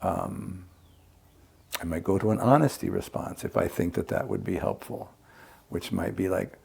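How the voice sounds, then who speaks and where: A man's voice: low-pitched, normal speed, creaky, darkish tone, breathy edge. A man who works as a conflict mediator, explaining his method reflectively in a casual podcast conversation. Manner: reflective, explains with acted examples.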